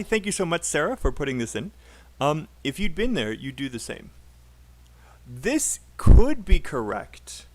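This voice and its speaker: With a voice on the high side, this British man runs a live online English lesson. He keeps things chatty and supportive and says phrases aloud so the students can repeat them.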